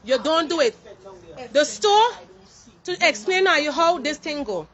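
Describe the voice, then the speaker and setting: A woman's voice: high-pitched, very animated, measured pace, a bit bright, highs cut off. A woman who works in a warehouse, protesting indignantly and emphatically and slipping into French mid-sentence. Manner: indignant, emphatic, mixing French into her English. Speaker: warehouse employee. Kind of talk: impassioned protest speech to camera.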